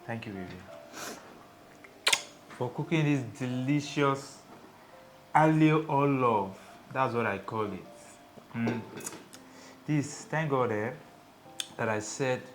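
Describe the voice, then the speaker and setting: A man's voice: medium pitch, slow pace, pauses often, a little hiss or hum. A Nigerian man co-hosting a casual cooking vlog, joking and playful in his talk. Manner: playful, jokey, animated. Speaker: vlog co-host.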